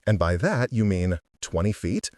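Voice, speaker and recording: A man voicing a gentle, encouraging teenage girl in an audiobook story. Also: lowish voice, big pitch swings, moderate pace, no room sound, studio quality. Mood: kind.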